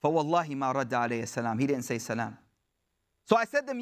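A man's voice: mid-range voice, big pitch swings, rapid-fire. A man giving a storytelling sermon, retelling an old account in the first person with Arabic quotes and casual, conversational phrasing. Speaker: preacher.

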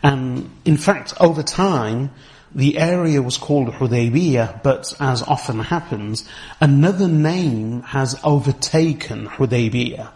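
A middle-aged man giving a deliberate religious lecture, explaining history and careful Arabic terms as a teacher. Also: mid-range voice, darkish tone. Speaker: Islamic teacher.

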